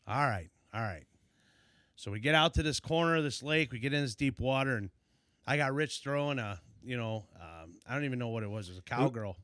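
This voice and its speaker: Man, young to middle-aged fishing guide; storytelling podcast guest, lively, bright and dry. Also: mid-range voice, fast, clear, resonant tone, no room sound. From Illinois. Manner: animated, acts out shouted quotes. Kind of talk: casual storytelling.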